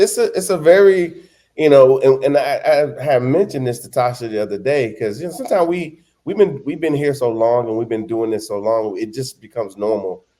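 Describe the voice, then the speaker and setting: A man's voice: medium pitch, mellow. A man co-hosting a travel show, talking casually with lots of restarts and emphatic stresses. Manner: rambling, many restarts, emphatic. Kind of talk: casual conversation.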